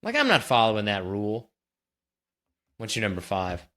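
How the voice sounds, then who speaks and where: A man's voice: fairly low pitch, huge pitch swings, normal speed, bright, forceful tone. A man in his thirties co-hosting a podcast, teasing in a dry, casual way. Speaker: podcast co-host. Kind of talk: casual chat.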